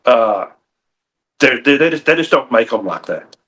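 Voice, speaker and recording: A man's voice: medium pitch, animated, moderate pace, a bit bright. A man, a game warden telling a personal story in a TV interview, folksy and earnest with frequent restarts.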